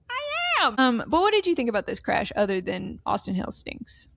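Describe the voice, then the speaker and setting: A woman's voice: on the high side, huge pitch swings, a little slow, gravelly, fairly bright tone, dry recording, studio quality. A woman co-hosting a podcast, chatting casually about motorsport in a blunt, sweary way and laughing often. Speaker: podcast co-host.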